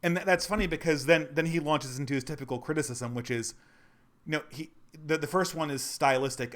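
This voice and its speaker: A man's voice: fairly high pitch, fairly quick, fairly bright tone. Irritated man in his thirties, commentary. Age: 30s. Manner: conversational, restarts and repeats phrases, irritated. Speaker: channel host. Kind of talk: critical commentary monologue.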